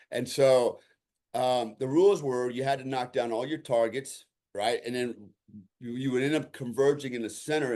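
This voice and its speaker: A man's voice: lowish voice, a little mellow. A man speaking as a podcast guest and telling a story from his military days in a conversational way, acting out the lines of people in it and often tossing in "you know" and "right?". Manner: vivid storyteller who acts out quoted lines.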